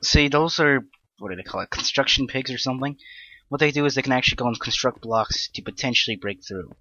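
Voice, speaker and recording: A man's voice: mid-range voice, quick pace, pushed and bright, no echo, muffled recording. A young man giving casual, rambling commentary on his own gameplay, self-deprecating and prone to sudden panicked outbursts. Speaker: Let's Play gamer.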